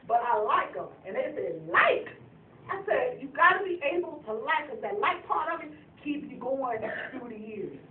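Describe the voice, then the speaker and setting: A woman's voice: fairly high pitch, narrow, tinny audio, a little hiss or hum. A middle-aged woman, telling heartfelt family stories as she addresses her parents at their anniversary. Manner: storytelling, emotional, addresses parents directly. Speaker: daughter giving an anniversary speech. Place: family gathering in a room. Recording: far-off echoey phone recording.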